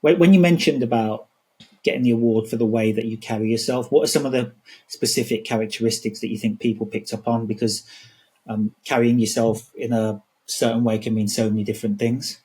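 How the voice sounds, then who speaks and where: Husky-voiced male podcast host. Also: mid-range voice, steady tone, a little fast, a little mellow. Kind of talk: interview question.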